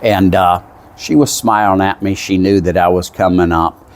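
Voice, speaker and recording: Deep-voiced Southern man spinning a yarn. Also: steady tone, normal speed. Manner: folksy, meandering, with frequent asides. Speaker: vlogger. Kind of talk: casual storytelling monologue.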